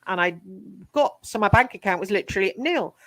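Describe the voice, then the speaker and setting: A woman, an interview guest, telling her life story frankly, with many pauses and restarts. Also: medium pitch, expressive, fairly bright tone, no room sound. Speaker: interview guest, psychic medium and author.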